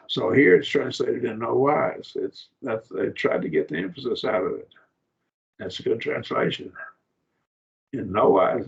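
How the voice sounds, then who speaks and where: A man teaching a Bible study class in a casual lecture, talking in halting phrases and repeating words as he explains. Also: medium pitch, expressive. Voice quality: gravelly and husky. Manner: halting, repeats words, uses fillers and "see?". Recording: dull lo-fi classroom recording.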